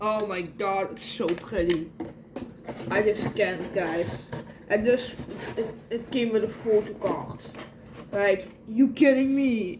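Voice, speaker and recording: A young woman vlogging an unboxing at home, gushing excitedly as she talks. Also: medium pitch, slow pace, background noise. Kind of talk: casual unboxing vlog.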